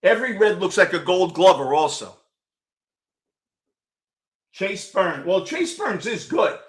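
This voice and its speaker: A man in his sixties with a New York accent runs a fan postgame show, shouting often and ranting bluntly with profanity as he responds to chat. His high-pitched voice is very animated, and he talks a little slowly.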